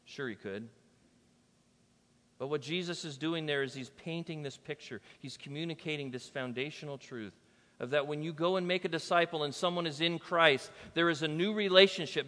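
A man's voice: fairly high pitch, sharp tone, big-room sound. A man preaching a sermon as pastor, talking casually and bantering with his congregation.

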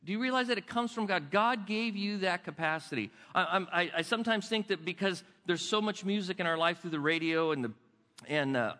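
Older man, pastor, sermon; bright, forceful delivery with chatty restarts; big reverberant church hall. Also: sits high. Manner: conversational, restarts words, dips soft and slow for emphasis. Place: church sanctuary.

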